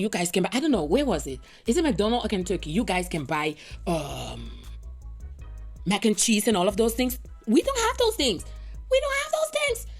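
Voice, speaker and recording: A woman's voice: on the low side, darkish tone. A woman hosting a reaction video, chatting casually and rambling straight to her viewers. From Europe.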